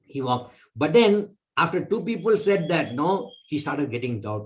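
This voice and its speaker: A man teaching a spiritual class, telling a parable in an animated way. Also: measured pace, few pauses. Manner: animated, pitch jumping between voices.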